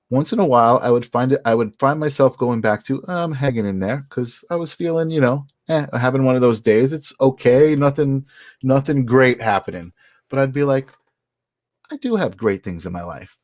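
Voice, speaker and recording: Casting: man, mid-pitched, earnest upbeat storyteller, conversational podcast host, dry close sound. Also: a little mellow, no echo. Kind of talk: casual conversation.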